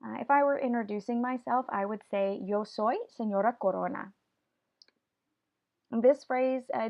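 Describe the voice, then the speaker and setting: A woman's voice: fairly high pitch, vocal fry, muffled recording. A woman teaching a Spanish vocabulary lesson, patiently explaining each word step by step and having students repeat after her. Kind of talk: classroom video lesson.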